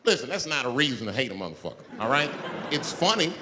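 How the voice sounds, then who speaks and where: A man doing stand-up comedy on stage, an animated, profane storyteller whose pitch jumps up for emphasis. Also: quick pace. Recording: live show, loud crowd and noise.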